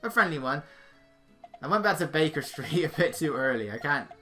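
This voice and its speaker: A man's voice: a little high, animated, moderate pace, bright, forceful tone, soft background music. A man casually commenting over gameplay, chatting, laughing now and then and reading game text aloud. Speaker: let's play host.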